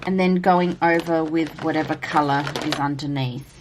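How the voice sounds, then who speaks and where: A woman chatting casually as she colors for a vlog, rambling with frequent "like" and breaking into a high baby voice for her cats. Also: steady tone, normal speed, background noise. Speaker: coloring vlogger. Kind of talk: casual color-and-chat commentary.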